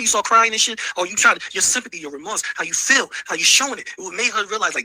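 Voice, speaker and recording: A man's voice: high-pitched, expressive, fast talker, sharp tone, breathy edge, low-quality recording. A sick man ranting heatedly, lecturing with profanity and a lot of repetition. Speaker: streamer being reacted to. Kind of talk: heated rant.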